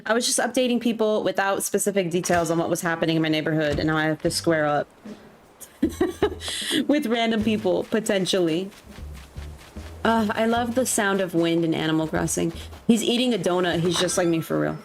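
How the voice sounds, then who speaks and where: A woman's voice: lowish voice, fairly quick, slight background noise. A woman, streaming a game and chatting casually, gushing and poking fun at herself. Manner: chatty, gushing, self-mocking. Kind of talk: casual chat while gaming.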